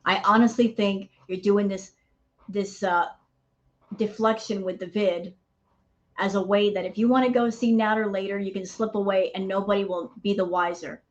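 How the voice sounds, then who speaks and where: A woman's voice: medium pitch, steady tone, normal speed, lo-fi sound. A woman hosting a reaction channel, ranting in heated commentary and calling her viewers y'all.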